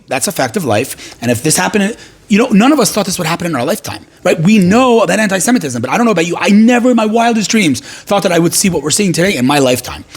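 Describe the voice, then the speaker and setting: A man talking as a podcast guest in an emphatic, passionate way, arguing rapid-fire points and retelling stories. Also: high-pitched, husky. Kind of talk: passionate conversational talk.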